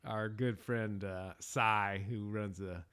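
A man's voice: on the low side, steady tone, takes it slowly, fairly bright tone, clean tone. Rambling middle-aged man chatting casually. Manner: rambling, many restarts and fillers. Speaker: podcast host. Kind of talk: casual chat.

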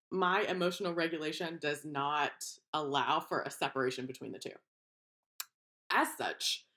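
Lower-pitched woman co-host, chatty and animated, acts out voices. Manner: animated storyteller, acts out quoted voices, laughs often. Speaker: podcast co-host. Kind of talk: casual chat.

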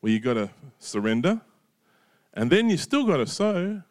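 A man's voice: a little high, sing-song, moderate pace, darkish tone, dry recording, studio quality. A middle-aged man preaching a sermon in a conversational way, often checking in with "right?" and "you know". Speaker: pastor.

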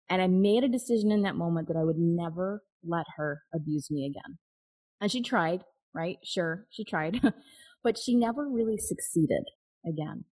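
A woman's voice: on the low side, expressive, moderate pace, darkish tone, breathy edge, rough recording. A woman guest telling a personal story in an interview, candid and open, laughing now and then. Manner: candid, with frequent restarts and nervous laughs.

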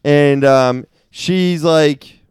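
Smooth-voiced man recapping a show. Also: fairly high pitch, extremely slow, a little mellow, no echo, studio quality. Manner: laughs often, recaps the plot. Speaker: podcast co-host. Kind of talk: casual chat.

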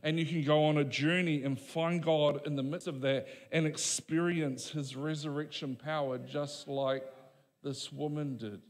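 A man preaching a sermon as pastor, emphatic, with dramatic pauses and voiced quotes. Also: on the high side, steady tone, long reverb tail.

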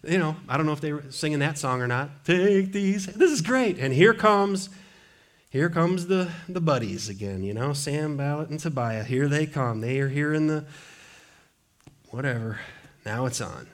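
A man preaching a sermon as pastor in a church, lively and conversational, dropping playful quoted asides. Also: fairly high pitch, moderate pace. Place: church sanctuary.

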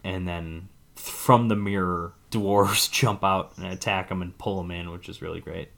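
Deep-voiced man recapping a movie. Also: steady tone, unhurried, vocal fry, a bit bright. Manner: rambling, hedging with "like" and "I guess". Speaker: podcast co-host. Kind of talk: casual movie recap chat.

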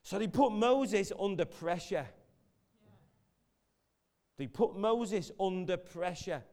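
Guy preaching in a church, high clear voice, jokey storytelling. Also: slow pace, darkish tone. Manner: chatty, jokey storytelling with restarts. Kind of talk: casual sermon.

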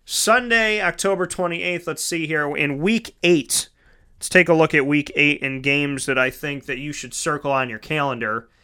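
Bright, crisp-voiced male sports talker. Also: fairly high pitch, moderate pace. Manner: chatty, rambling, corrects himself mid-sentence; addresses listeners as folks. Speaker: sports show host. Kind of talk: casual solo sports talk.

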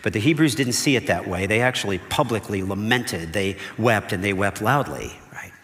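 A man's voice: fairly low pitch, lively intonation, moderate pace, fairly bright tone. A man, a pastor, delivering a conversational sermon, often checking in with "okay?" and "right?". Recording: long hall reverb.

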